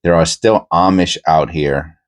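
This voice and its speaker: Very deep-voiced man with a New York accent. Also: fairly even intonation. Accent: New York, softened toward Pennsylvania. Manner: unhurried, meandering, many filler pauses. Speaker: coin roll hunting host. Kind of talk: casual rambling chat while searching coins.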